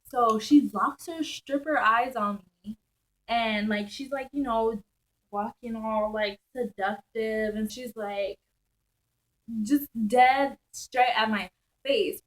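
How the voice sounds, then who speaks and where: A young woman vlogger recounts a crazy night out in loose, slangy storytime fashion. She speaks slowly, with a voice that sits a little high. She stays animated and breaks into laughter often. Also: low-quality recording. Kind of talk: casual storytelling.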